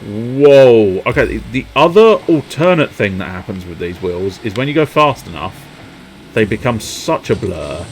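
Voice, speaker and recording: A man giving live gameplay commentary, excitable, sweary and self-mocking, with sudden yelps. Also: fairly low pitch, slight background noise. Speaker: streamer.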